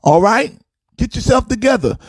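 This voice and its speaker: High-voiced, fired-up male sports host. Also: very animated, normal speed, slightly rough, no echo. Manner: fired-up, preachy, sing-song delivery. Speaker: host of a sports talk show. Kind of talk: casual sports commentary.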